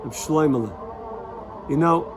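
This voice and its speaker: A man gives a heartfelt Torah lesson as a storytelling rabbi, his voice sitting a little high. He repeats phrases for emphasis and drops in Yiddish words. Music runs clearly underneath. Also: slow. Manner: earnest, repetitive, sprinkles Yiddish and Hebrew words. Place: Jerusalem.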